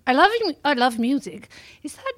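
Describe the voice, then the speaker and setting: A woman's voice: high-pitched, sing-song, normal speed, dry recording. A woman playing the ghost of a polite little Edwardian boy, prim and sweetly earnest. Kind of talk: improvised comedy podcast. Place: live comedy venue.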